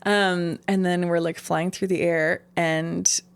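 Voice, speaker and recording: A woman's voice: on the low side, flat delivery, takes it slowly, vocal fry, smooth. A woman from Canada, an interview guest, telling stories in a rambling casual way with many fillers. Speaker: interview guest, singer-songwriter.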